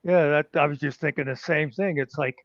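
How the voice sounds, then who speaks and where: A man's voice: fairly high pitch, steady tone, a little fast, no room sound. A man co-hosting a casual chat, rambling with fillers and chuckling often. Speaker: podcast co-host. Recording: slightly muffled dry audio.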